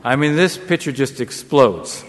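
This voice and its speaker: A man, a former negotiator, telling a wry anecdote to an audience in a measured way. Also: medium pitch, lively intonation, a little hiss or hum. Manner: measured, wry storytelling with brief chuckles. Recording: long hall reverb.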